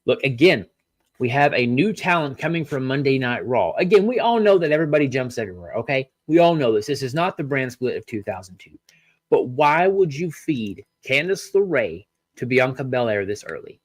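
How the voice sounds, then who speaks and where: A man with a mid-range, very animated voice hosts a solo wrestling review podcast, recorded with no echo. He rants, fires off plenty of rhetorical questions, and stops to apologize for going off on tangents.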